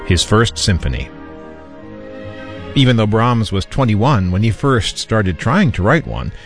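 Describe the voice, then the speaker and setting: A man hosting a classical music radio program, announcing pieces with a relaxed, lightly wry delivery into a studio microphone. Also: fairly low pitch.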